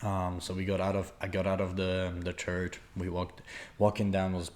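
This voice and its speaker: A man's voice: low voice, completely flat delivery, normal speed, a little mellow. A young man from Poland telling a long, rambling story in a casual podcast chat, full of fillers and restarts. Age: young adult. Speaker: podcast co-host.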